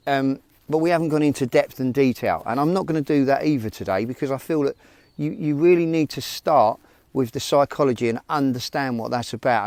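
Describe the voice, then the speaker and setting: Speaking straight to his viewers, this man vlogs a casual, rambling motivational talk in a gravelly, darkish mid-range voice. His manner is frank and informal, and the recording has no room sound.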